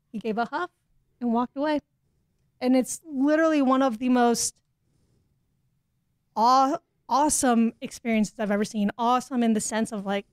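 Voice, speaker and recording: A woman tells a story from her fieldwork on a podcast, animated and quick to laugh. Her voice sits a little high. The sound is dry and close, with no room echo. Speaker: guest. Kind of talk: casual storytelling.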